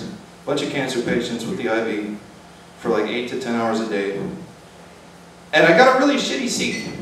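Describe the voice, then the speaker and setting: Young man doing deadpan stand-up. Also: on the high side. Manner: deadpan, self-deprecating. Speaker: stand-up comedian. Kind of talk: stand-up routine. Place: open mic in a restaurant bar. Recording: echoey room, distant mic, background noise.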